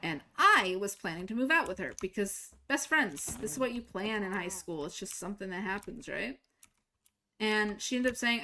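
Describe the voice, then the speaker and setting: A young woman streaming a game, telling a personal story in a casual, animated way and jumping higher to act out quoted lines. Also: fairly quick, slight background noise. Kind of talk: casual storytelling while gaming.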